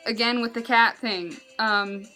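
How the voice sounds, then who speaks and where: A woman talks straight to the camera in a casual vlog, her voice sitting a little high. She sounds exasperated yet animated, laughing in disbelief as she goes. Soft music plays faintly underneath. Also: unhurried. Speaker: vlogger.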